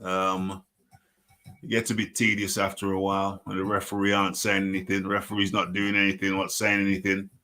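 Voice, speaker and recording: Brief: male host, middle-aged, lowish voice, loose chatty recap, repeats lines, chuckles. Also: completely flat delivery, fairly quick, pushed and bright. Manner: rambling, repeats phrases, chuckles often. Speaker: host of a combat sports radio show. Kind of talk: casual solo fight recap.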